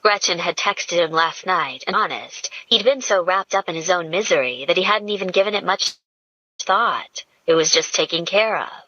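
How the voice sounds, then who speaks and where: A woman narrating an audiobook in a slow, measured storytelling manner. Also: lowish voice, animated, pushed and bright, no room sound. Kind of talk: scripted narration. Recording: dull lo-fi dry audio.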